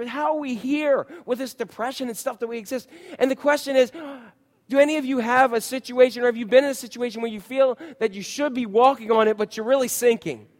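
Male pastor, thirties, high voice, chatty storytelling sermon style. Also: long reverb tail. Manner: conversational, storytelling with voiced quotes. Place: church.

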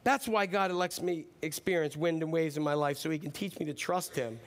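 A man's voice: on the high side, a little fast. A middle-aged man preaching a sermon, talking in a conversational way and rising to emphatic declarations. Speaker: pastor.

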